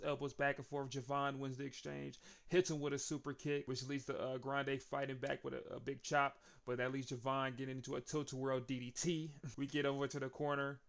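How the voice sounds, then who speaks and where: A young man recapping a wrestling show in casual chat, chuckling often and getting more excited as the action builds. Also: mid-range voice, vocal fry.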